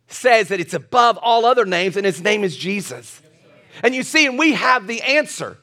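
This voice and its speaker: A middle-aged man preaching to his congregation in a high, bright register. He circles back on his phrases and pushes them up to emphatic peaks, with the odd chuckle at his own asides. His delivery is earnest and direct. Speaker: pastor. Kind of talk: sermon.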